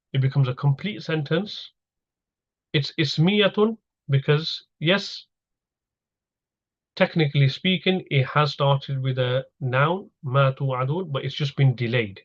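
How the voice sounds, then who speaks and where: A man with a middle-range voice leads a recorded grammar lesson. He explains each step patiently and repeats the key terms. The recording sounds slightly dull and lo-fi. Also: mid-range voice. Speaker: Arabic grammar teacher.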